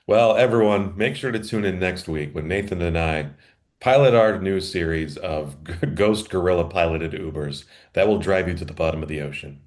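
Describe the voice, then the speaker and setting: A man's voice: low-pitched, moderate pace, a little mellow. A man co-hosting a comedy podcast, trading playful bits and laughing often as he talks. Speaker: podcast co-host. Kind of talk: casual comedic chat.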